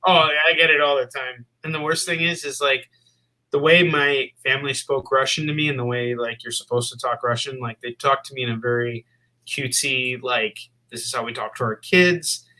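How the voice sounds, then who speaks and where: A man from the Midwest hosts a live comic-shop stream. His voice is bright and forward, his pitch sits mid-range, and he talks in a loose, chatty way, full of fillers as he plugs books. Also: steady tone, normal speed, poor audio. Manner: upbeat, lots of fillers and plugs. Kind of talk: casual live-stream chat.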